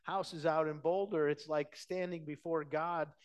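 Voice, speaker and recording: A man preaching a sermon, talking conversationally and swinging between hushed, low passages and emphatic, raised ones. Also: fairly even intonation, a little slow, clean tone. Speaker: pastor.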